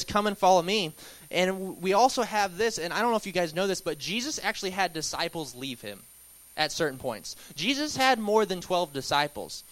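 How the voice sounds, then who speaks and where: A young man teaching a Bible study at church in a relaxed, conversational way, with filler words and restarts. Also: sits high, no room sound, low-quality recording. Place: church hall.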